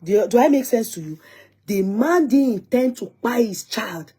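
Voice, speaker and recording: A young woman with a Nigerian accent tells a family story in easy, casual vlog talk. Her voice is husky and a little breathy. She laughs often and slides between English and Yoruba. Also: on the high side, expressive, moderate pace, warm tone. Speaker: vlogger.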